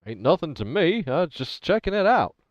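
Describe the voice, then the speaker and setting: A man's voice: on the high side, sing-song, brisk, no room sound, pitched above the performer's own voice. A man putting on a drawling southern wasteland trader. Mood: wary. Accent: put-on southern American. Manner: folksy, rambling drawl.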